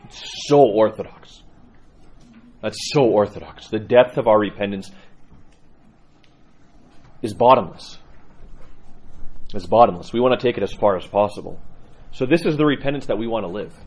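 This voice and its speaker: A man's voice: on the low side, animated, normal speed, long pauses, a little mellow, breathy edge. A man teaching a catechism lecture, earnest and emphatic, often repeating himself for weight.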